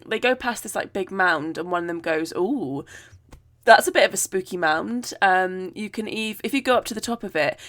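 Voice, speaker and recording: A woman's voice: mid-range voice, a bit bright. A woman podcast host retelling myths in a chatty, jokey way with many fillers. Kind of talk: casual storytelling of myths.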